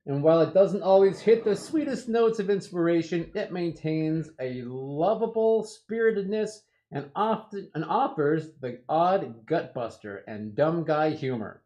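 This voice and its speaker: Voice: mid-range voice, animated, unhurried, few pauses, mellow. An American co-host of a live stream, reading film reviews in a playful, laughing way. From United States. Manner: laughing, playful, sings nonsense syllables. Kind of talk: casual chat reading reviews.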